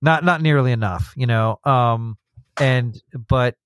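A man's voice: medium pitch, measured pace, a bit bright, slight background noise. A man hosting a podcast in casual chat, rambling with many restarts and acting out quotes as he tells stories. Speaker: podcast host.

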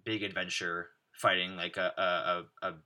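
A man co-hosting a podcast in casual chat, rambling with lots of "like" fillers and quoting people in animated bursts. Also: sits low, normal speed. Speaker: podcast co-host.

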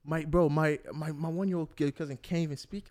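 A man's voice: fairly high pitch, fairly quick. Young male podcast host. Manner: animated, laughs often, quizzes the others. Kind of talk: casual podcast chat.

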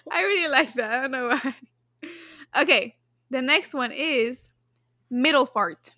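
A woman's voice: high-pitched, a little slow, bright, forceful tone, no echo, studio quality. A woman co-hosting a podcast and reading out quiz questions in casual chat, giggly and chatty, often laughing. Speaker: podcast co-host running a quiz.

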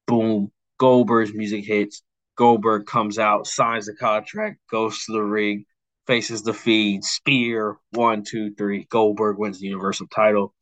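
A man's voice: fairly low pitch, flat delivery, a bit bright, no room sound, low-quality recording. A young man co-hosting a podcast, recapping a storyline in a rambling casual way with lots of fillers. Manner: mimics wrestlers' lines in quick asides. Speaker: podcast co-host. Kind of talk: casual chat, pitching a storyline rewrite.

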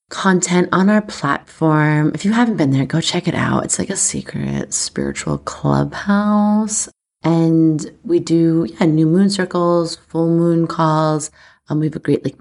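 A woman's voice: deep voice, creaky, darkish tone. A woman hosting a casual solo podcast as an astrologer, candid and chatty with lots of fillers, teary and close to crying, recording at home.

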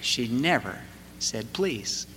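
Slow, bright-voiced preacher in a hall. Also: male voice, medium pitch, sing-song, a little hiss or hum. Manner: storytelling, slow and deliberate with rising emphasis. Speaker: pastor. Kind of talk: sermon. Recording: reverberant hall, faint ambience.

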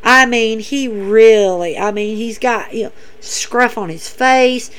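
High-pitched woman doing a casual podcast recap, chatty, keeps repeating herself, talks right to the listeners. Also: slow pace, smooth. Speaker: podcast host.

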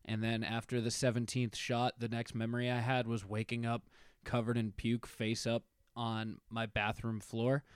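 A man's voice: mid-range voice, completely flat delivery, normal speed, clear, resonant tone, dry recording, clean studio sound. A young man in his twenties co-hosting a podcast, telling rambling stories full of filler likes. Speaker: podcast co-host. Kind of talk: casual chat.

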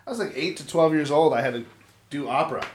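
A man in his thirties telling stories in casual chat, animated and profane. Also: on the high side, quick pace. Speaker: podcast host. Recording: echoey room.

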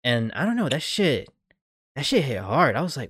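A man's voice: mid-range voice, big pitch swings, moderate pace, fairly bright tone, breathy edge, no room sound. A young man in the middle of the male range, hosting a casual podcast. He speaks frankly and profanely, with a self-deprecating edge, and the sound is dry and close. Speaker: podcast host. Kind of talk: candid casual chat.

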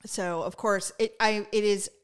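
A woman's voice: mid-range voice, steady tone, unhurried, smooth. A woman co-hosting a podcast in casual chat, telling stories and acting out what other people said. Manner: chatty storyteller, acts out quotes in funny voices. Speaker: podcast co-host.

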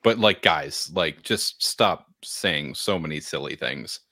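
A man's voice: rumbling low, expressive, takes it slowly, bright, forceful tone, dry recording, clean studio sound. A man from the United States co-hosting a casual podcast, wry and teasing. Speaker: podcast co-host. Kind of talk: casual chat.

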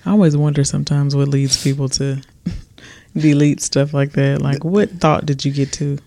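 A man's voice: fairly high pitch, little pitch movement, gravelly, mellow. Laid-back man co-hosting a podcast. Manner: laid-back, quick reactions, chuckles. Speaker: podcast co-host. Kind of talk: casual explicit podcast banter.

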